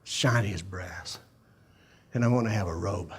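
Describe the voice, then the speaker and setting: A man voicing a poor, humble old farmer who talks quietly and bursts into shouting. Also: low voice, moderate pace, husky, pitched below the performer's own voice. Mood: wistful.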